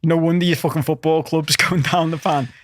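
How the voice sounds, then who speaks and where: A man with a Scouse accent co-hosting a podcast, telling stories in a lively, sweary way. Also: a little high, brisk. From Liverpool area, England. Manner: animated storyteller, sweary, laughing. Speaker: podcast co-host. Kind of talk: casual chat.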